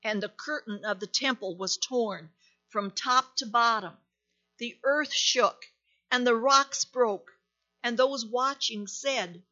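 Lady reading a bedtime-style story real slow, bright voice, kinda dull lo-fi sound. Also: fairly high pitch. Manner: gentle, deliberate, dramatic pauses.

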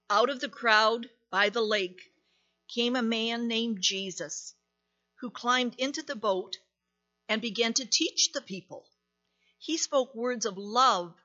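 Lady reading a bedtime-style story real slow, bright voice, kinda dull lo-fi sound. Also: a little high. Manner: gentle, deliberate, dramatic pauses.

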